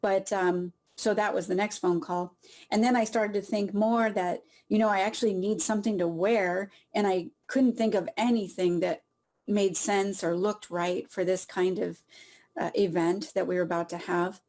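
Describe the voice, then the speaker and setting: A woman sharing a personal story in an emotional, heartfelt way, pausing often and laughing softly through tears. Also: medium pitch, steady tone. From Southern California.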